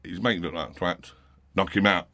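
A man in his fifties with a South London accent, telling rowdy stories with swearing and laughter, loud bursts when he acts out others. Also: low-pitched, normal speed, background noise. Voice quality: rough-edged, laughs through his stories. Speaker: guest, former footballer. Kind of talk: casual storytelling with swearing.

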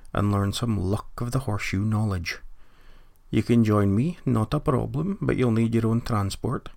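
A man's voice: fairly low pitch, creaky, dry recording. A Scottish man hosting a comedy podcast, telling stories with dry, wry jokes. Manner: dry, wry joking delivery. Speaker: podcast host. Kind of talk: comic storytelling monologue.

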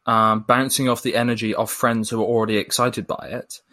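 A man in a casual conversation, speaking in a thoughtful, measured way with hedging fillers. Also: mid-range voice, level tone, bright, forceful tone.

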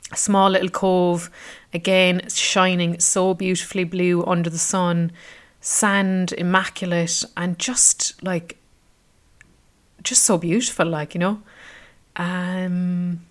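A chatty woman of about thirty tells a relaxed travel story, wandering off on tangents and filling gaps with ums. Her voice sits a little low for a woman. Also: slow. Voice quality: chatty, rambling with many fillers. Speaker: travel vlogger. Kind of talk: casual travel chat.

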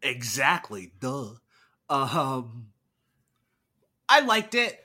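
A man's voice: mid-range voice, very animated, extremely slow, pushed and bright. A man co-hosting a movie podcast, chatting casually in a giggly, playful way. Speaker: podcast co-host. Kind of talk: casual chat.

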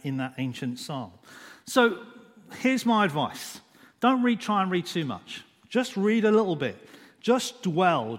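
A man preaching a sermon, unhurried, often repeating "just" and dwelling on single words. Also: on the high side, fairly bright tone, big-room sound.

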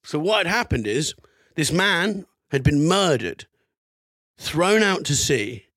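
A man's voice: fairly high pitch, sing-song, slow pace, fairly bright tone, no echo, clean studio sound. A man co-hosting a casual podcast, reading out an odd history story with amused, swearing asides. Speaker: podcast co-host.

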